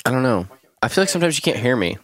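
A man's voice: mid-range voice, sing-song, racing, fairly bright tone. A man co-hosting a casual podcast, teasing the others and laughing a lot. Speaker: podcast co-host. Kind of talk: casual chat.

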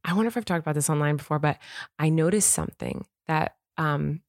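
A woman's voice: low voice, fast, gravelly, no room sound, studio quality. A woman from California, co-hosting a podcast in casual, giggly chat. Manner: chatty, giggly storyteller. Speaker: podcast co-host.

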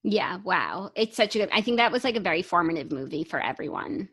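A young woman co-hosting a podcast in casual chat, agreeable and expressive as she reacts and shares her opinions. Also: lowish voice, a little fast, slightly rough. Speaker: podcast co-host.

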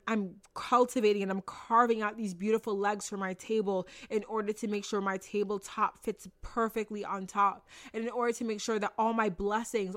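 A woman's voice: mid-range voice, fairly bright tone. A young woman hosting a podcast, giving an emphatic motivational talk with lots of repetition, casual swearing and laughs. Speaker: podcast host and manifestation coach.

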